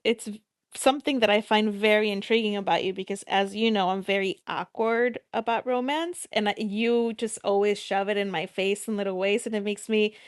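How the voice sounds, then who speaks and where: A woman's voice: medium pitch, steady tone, normal speed, no echo, clean studio sound. A woman co-hosting a podcast in casual chat, talkative and playful, laughing often. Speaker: podcast co-host.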